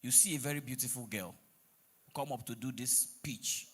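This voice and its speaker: A man's voice: medium pitch, moderate pace, a bit bright, breathy edge. A man with a Nigerian accent doing stand-up crowd work on stage, teasing the audience, mixing in pidgin and breaking into bits of song. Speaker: comedian on stage.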